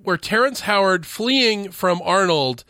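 Sarcastic guy, bright lively voice, swears, movie podcast chat. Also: high voice, slow pace, no echo, clean studio sound. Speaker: podcast co-host. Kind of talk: casual movie review chat.

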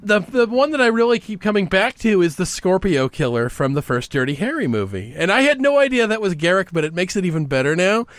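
High-voiced man chatting animatedly. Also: brisk, few pauses, no room sound. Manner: animated, laughing, swears freely. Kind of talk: casual chat.

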